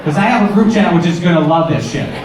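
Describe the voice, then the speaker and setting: A sarcastic man in his thirties doing stand-up, his voice sitting a little high and heard from a distance. The club is very roomy and echoey, with an audience laughing throughout. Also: fast talker, a crowd in the background, background noise. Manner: sarcastic, deadpan asides and sudden acted-out voices. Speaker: stand-up comedian. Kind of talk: stand-up comedy set. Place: comedy club stage, from far off.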